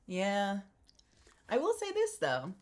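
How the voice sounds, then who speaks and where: A woman voice actor streaming from her home booth, telling a story in an animated way and acting out both sides of the conversation. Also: medium pitch, very slow. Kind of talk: casual stream chat.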